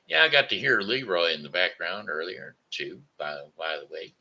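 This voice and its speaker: A man's voice: low voice, sing-song, normal speed, gravelly, few pauses, pushed and bright, husky, rough recording. An older man hosting a live show, reading a bedtime story in a folksy, sing-song rhyming way.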